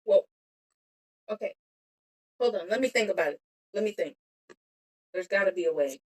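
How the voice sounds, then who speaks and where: On cellphone live-stream audio, a woman of medium pitch talks at a normal speed in an animated way. She makes bead earrings while chatting with her viewers, giggly and self-talking, often trailing off before finishing a sentence.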